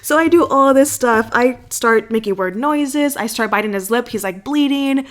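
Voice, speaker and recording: A young woman co-hosting a podcast, telling a story in a casual, animated way, swearing freely and acting out the voices of the people in it. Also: fairly high pitch, normal speed. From United States. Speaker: podcast co-host.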